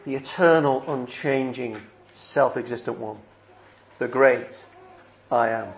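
A man preaching a sermon in an earnest, measured way, leaning on emphatic repeated phrases. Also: mid-range voice.

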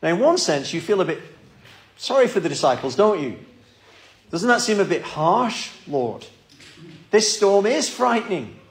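A man's voice: high voice, sing-song, normal speed, long pauses. A man preaching a sermon in a church, earnest and pleading, often repeating his words.

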